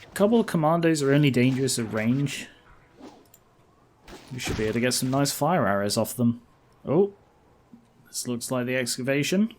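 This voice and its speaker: Dude chatting over his rpg playthrough, dry jokes, mid-pitched voice. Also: animated, normal speed, pauses often, darkish tone, a little hiss or hum. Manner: sarcastic, chatty. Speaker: let's play host. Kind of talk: casual gameplay commentary.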